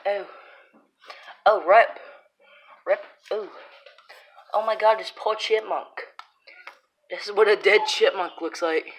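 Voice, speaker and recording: A woman's voice: mid-range voice, steady tone, slow, long pauses, slight background noise, poor audio. A woman vlogging at home, exclaiming and teasing as she scolds her cat. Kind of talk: casual vlog narration.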